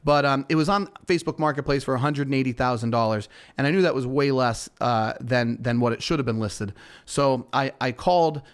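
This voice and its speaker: This man, a real estate broker and podcast host, speaks at a medium pitch with a brisk pace. He rambles through a personal story with self-deprecating humor, full of fillers and frequent restarts.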